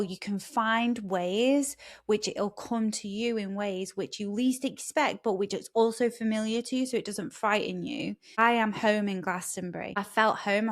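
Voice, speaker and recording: A woman telling a personal spiritual story in a lively, laughing way, often restarting her sentences. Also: medium pitch. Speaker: spiritual vlogger.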